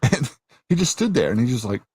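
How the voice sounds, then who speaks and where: In a dry recording, a husky mid-range male voice speaks briskly. The host keeps his casual chat animated, retelling scenes while swearing freely and laughing often.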